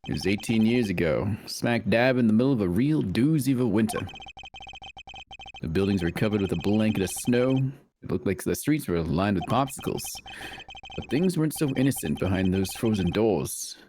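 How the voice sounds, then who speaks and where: A man's voice: fairly low pitch, animated, normal speed, a little mellow, a little hiss or hum, natural voice. A man voicing a brash, slangy young male investigator who teases and spins stories in a breezy way. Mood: storytelling. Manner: breezy, teasing storyteller slang. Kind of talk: live voice-over of a video game.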